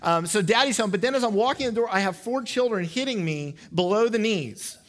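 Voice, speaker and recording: A man in his thirties preaching a sermon, a father of four, telling animated stories from home and acting out the quotes. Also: high-pitched, a little fast. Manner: animated storytelling, acts out quotes. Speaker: pastor. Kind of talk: sermon with family anecdotes.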